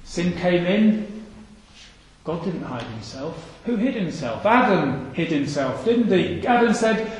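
A man's voice: high voice, sing-song, slow pace. A man preaching a sermon, earnest and full of rhetorical questions, repeating his phrases for emphasis. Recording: echoey hall reverb.

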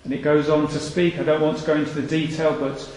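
A man's voice: a little high, level tone, fast talker, darkish tone. A man preaching a sermon, earnest and full of rhetorical questions, repeating his phrases for emphasis. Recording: echoey hall reverb.

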